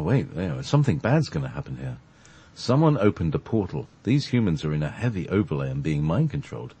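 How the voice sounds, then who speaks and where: A man voicing a bewildered male wanderer who has just awakened, speaking in halting questions with a husky voice. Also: low-pitched, warm tone, exaggerated voice.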